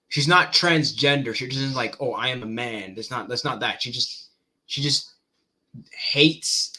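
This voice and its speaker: A man commenting on a debate clip in casual chat, thinking aloud, halting and repeating words as he goes. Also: medium pitch, pushed and bright.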